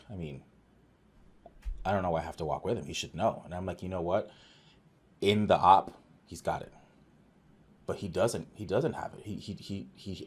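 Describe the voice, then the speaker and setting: A low-pitched male voice with a breathy edge belongs to an office manager guesting on a podcast. He tells workplace anecdotes in casual conversation, earnest and animated, voicing the dialogue he quotes and restarting frequently.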